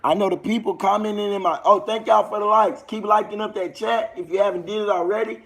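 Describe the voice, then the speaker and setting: A man's voice: sits high, fairly even intonation, a little fast, vocal fry, fairly bright tone. A young man with a Southern US accent, hosting a casual livestream and talking loosely to his viewers in rambling street slang. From United States. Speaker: livestream host.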